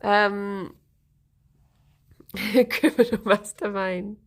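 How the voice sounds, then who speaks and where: A woman's voice: medium pitch, steady tone, very slow. A young woman chatting casually on a live stream, giggling and answering viewer comments.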